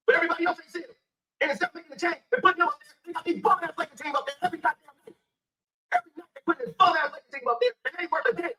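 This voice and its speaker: High-pitched, fast, furious ranting man. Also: bright, forceful tone, rough recording. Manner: heated, profane, emphatic. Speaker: sports commentator. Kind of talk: angry rant.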